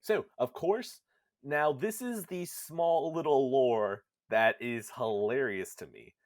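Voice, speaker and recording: A man hosting a casual gaming podcast, retelling a story with lively, animated delivery. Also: medium pitch, takes it slowly, no room sound, clean studio sound. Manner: animated storytelling, acts out characters in goofy voices. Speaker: podcast host.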